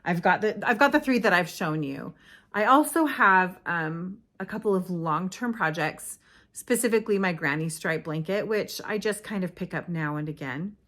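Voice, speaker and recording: A woman's voice: on the low side, expressive, normal speed, fairly bright tone. A middle-aged woman hosting her own craft podcast in casual, rambling chat, often stopping to correct herself. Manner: chatty and rambling, with frequent self-corrections. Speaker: podcast host.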